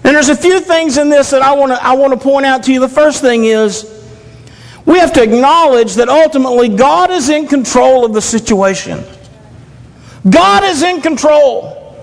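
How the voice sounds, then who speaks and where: A man's voice: very high-pitched, normal speed, gravelly. A man preaching a sermon in an earnest, repetitive way, asking the congregation question after question. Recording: long reverb of a large hall.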